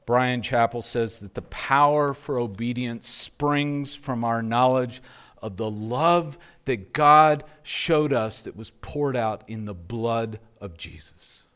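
A man preaching a sermon in a slow, measured way, letting phrases drop to a hush at their ends. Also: mid-range voice, clean tone. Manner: slow, measured preaching, softening to hushed endings. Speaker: pastor.

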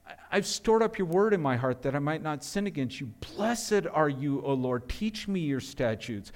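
A man's voice: fairly high pitch, animated, moderate pace. A middle-aged male pastor preaching a sermon with earnest rhetorical questions, often restarting his words.

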